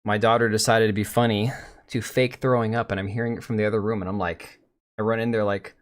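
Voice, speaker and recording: A man's voice: lowish voice, fairly even intonation, quick pace. A middle-aged man hosting a live stream, rambling bluntly with profanity as he reads and answers chat.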